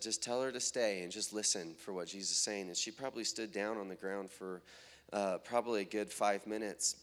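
A man telling testimonies of prayer meetings and healings, often quoting people in a raised, excited voice. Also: on the low side. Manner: animated retelling, quoting others in raised voice. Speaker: traveling minister. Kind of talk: testimony storytelling.

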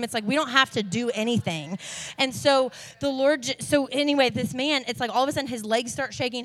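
Animated young woman preaching a testimony. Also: fairly high pitch. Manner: animated storytelling with many fillers. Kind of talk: sermon testimony.

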